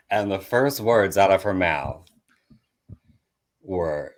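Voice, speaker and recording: A young man with a very low voice tells personal stories on a podcast, candid and self-deprecating. He slips into his family members' voices as he goes, keeping it casual and easygoing. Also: expressive, slow pace, long pauses. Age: young adult. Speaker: comedian guest.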